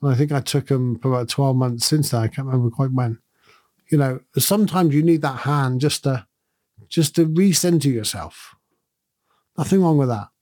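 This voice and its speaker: A man's voice: medium pitch, normal speed, warm tone, no room sound, clean studio sound. A middle-aged man, a podcast host, giving a thoughtful and earnest reflective monologue in a conversational way.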